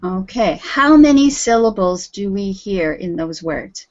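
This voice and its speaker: Slow patient woman teaching English. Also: mid-range voice, lively intonation. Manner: patient, encouraging, calls on students by name. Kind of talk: live online group lesson. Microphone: video call audio. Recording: dull lo-fi video call audio.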